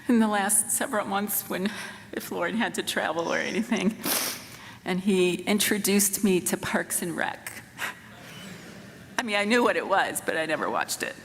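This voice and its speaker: A woman in her sixties giving a eulogy for her son in a church, speaking in a tender, halting way with soft rueful laughs. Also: lowish voice, gravelly, a little hiss or hum. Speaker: mother of the deceased giving a eulogy. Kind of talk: memorial eulogy. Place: church sanctuary. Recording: reverberant church with faint room ambience.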